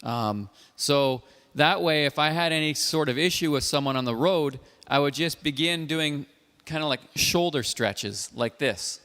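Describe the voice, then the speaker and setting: Earnest guy hosting a call-in show, bit high voice, lots of reverb. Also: measured pace, bright, forceful tone, clear, resonant tone. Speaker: host. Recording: long reverb.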